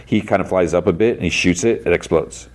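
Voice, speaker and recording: A man's voice: sits low, brisk. A man hosting a podcast, retelling an episode in a casual, rambling way full of "like" and restarts. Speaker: podcast host.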